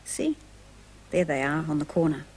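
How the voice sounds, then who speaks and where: A woman narrating a storybook for young children, gentle and expressive, asking the listeners questions. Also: low voice, moderate pace, slightly rough.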